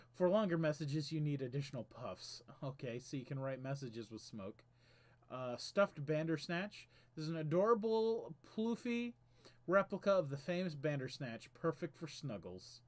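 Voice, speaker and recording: A man hosting a casual game stream, chatting and reading game text aloud with small stumbles. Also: a little high. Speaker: streamer host.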